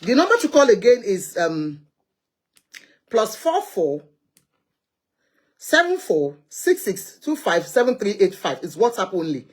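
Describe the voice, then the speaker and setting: A Nigerian woman with a Nigerian accent, hosting a live call-in show, talking in an animated, chatty way and ranting about public affairs from inside a car. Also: medium pitch, unhurried, pauses often, breathy edge. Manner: animated, chatty, rants and pleads. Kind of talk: opinionated live social commentary.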